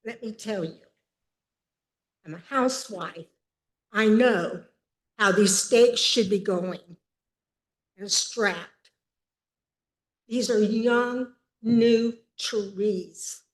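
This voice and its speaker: A woman in her seventies speaking at a city council meeting, emphatic and upset, pausing as she tries to hold herself together. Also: mid-range voice. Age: 70s. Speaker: public commenter. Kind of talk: public comment at a council meeting.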